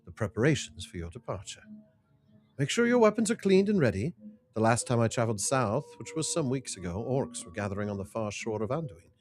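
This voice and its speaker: Guy reading a blunt warrior type, solemn formal lines, swingy pitch. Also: very animated, fairly quick, darkish tone, natural voice. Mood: earnest. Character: stern male man warrior, blunt and loyal.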